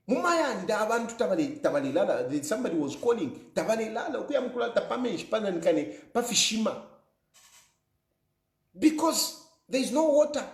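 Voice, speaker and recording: Fiery Zambian man with lively pitch. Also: echoey room. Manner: emphatic, repeats phrases for effect, accusing tone. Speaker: political commentator. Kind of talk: fiery political monologue.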